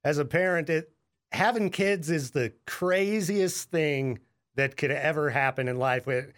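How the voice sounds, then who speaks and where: A man's voice: on the high side, measured pace, fairly bright tone. A man in his late thirties hosting a podcast, easygoing and friendly, calling his guest man and dude. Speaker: podcast host. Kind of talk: casual chat.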